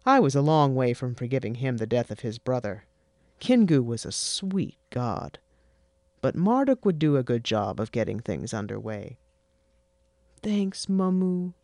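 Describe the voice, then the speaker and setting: A narrator reading a fantasy story in a wry, deadpan way. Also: medium pitch, normal speed, vocal fry, no echo, studio quality. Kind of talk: scripted fiction narration.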